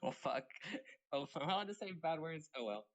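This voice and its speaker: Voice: medium pitch, brisk, low-quality recording. A tabletop game player talking casually, hesitant and full of fillers. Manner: relaxed, hesitant, filler-heavy.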